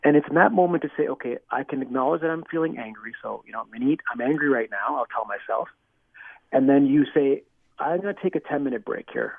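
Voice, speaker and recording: A man's voice: medium pitch, no echo. A man, a clinical psychologist, answering interview questions in an earnest, explanatory way with frequent restarts and "you know". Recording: dry tinny phone line.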